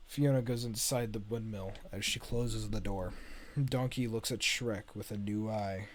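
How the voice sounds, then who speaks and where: A man's voice: fairly low pitch, fairly even intonation, a little slow. A man streaming himself reading a film script's stage directions aloud, stumbling and correcting himself.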